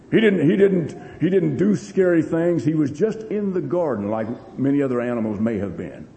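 A man's voice: on the high side, dark tone. A man preaching a sermon, telling a story with lots of repeats and strong rising and falling emphasis. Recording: long hall reverb.

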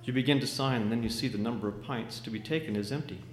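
A man preaching a sermon, telling a vivid story with dramatic swings from loud to hushed. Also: mid-range voice, fast. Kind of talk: sermon illustration. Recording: echoey hall with faint noise.

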